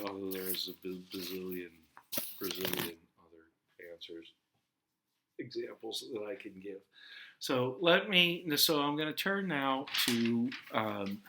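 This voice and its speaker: Male professor, lecture delivery, low-set but sharp tone, rambling and self-correcting. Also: a little hiss or hum. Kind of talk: recorded lecture.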